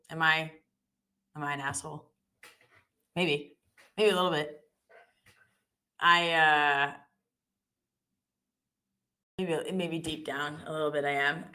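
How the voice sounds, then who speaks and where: A woman hosting a live trading stream, chatty and joking with quick asides. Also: fairly low pitch, fairly even intonation, sharp tone. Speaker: live-stream host trader. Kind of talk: casual live-stream chat.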